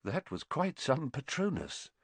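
Man doing Lupin, a soft hesitant teacher. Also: fairly high pitch, wildly swooping pitch, measured pace, no room sound, exaggerated voice. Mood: quiet. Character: gentle, weary male teacher.

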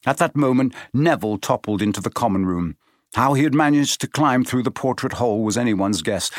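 A man's voice: mid-range voice, no echo. Man reading an audiobook, dry close sound. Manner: measured, steady storytelling. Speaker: audiobook narrator. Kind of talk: scripted audiobook narration.

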